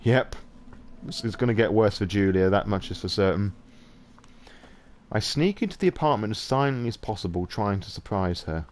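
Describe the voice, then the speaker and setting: A man's voice: fairly low pitch, expressive, normal speed, darkish tone. A male podcast host casually reading a visual novel aloud on a live stream, with profane, wry asides.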